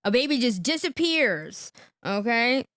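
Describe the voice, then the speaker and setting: A woman hosting a live reaction stream, chatty and quick to laugh, who keeps checking in with "okay?" as she comments. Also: on the high side, lively intonation, fairly bright tone, no echo, clean studio sound.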